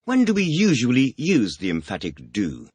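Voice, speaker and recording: A man reading the teacher's questions in a scripted audio language lesson, announcing words and asking quick questions. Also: mid-range voice, wildly swooping pitch, a little mellow, husky, dry recording. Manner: announces words, then fires quick questions with a clipped "please".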